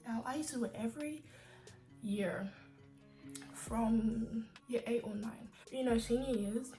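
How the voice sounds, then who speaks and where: A woman's voice: a little high, measured pace, warm tone, soft background music. A young woman vlogging in a casual, sassy, opinionated rant, full of fillers like "like" and "you know.". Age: young adult. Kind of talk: casual ranting vlog.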